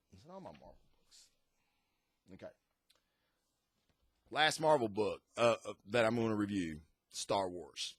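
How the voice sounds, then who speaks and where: A man's voice: medium pitch, dry recording. Rambling, enthusiastic male comic reviewer. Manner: rambling and enthusiastic, frequent restarts. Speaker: comic book reviewer, show host. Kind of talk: casual review chat.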